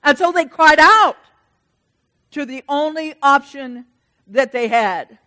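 Woman preacher, high-pitched, dynamic sermon delivery, hushed one moment and booming the next. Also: slow, in a large hall, low-quality recording. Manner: animated, swings between hushed and loud.

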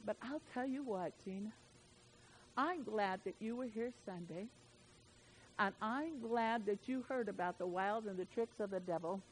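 A woman preaching a sermon in a folksy, emphatic way, swinging from loud declarations to soft asides. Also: mid-range voice, normal speed, a little hiss or hum, rough recording.

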